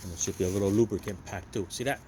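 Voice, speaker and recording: This DIY car repair channel host speaks low and very fast, with a warm tone over a little hiss or hum. Working outdoors at a parked car, he walks viewers through the job, calls them "people" and hands out blunt, opinionated advice in a chatty way.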